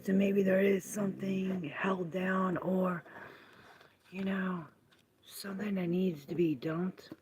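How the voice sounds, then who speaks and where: Woman tarot reader, live stream, slow musing delivery with whispered asides, noisy home audio. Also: medium pitch, level tone. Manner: musing, drifts into soft half-whispered asides.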